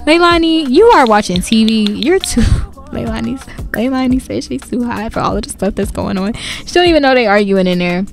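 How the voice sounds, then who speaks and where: A woman hosting a gaming video, commenting in an animated way and reacting to the drama on screen. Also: fairly high pitch, brisk, creaky, soft background music. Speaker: gaming channel host. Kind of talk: game commentary.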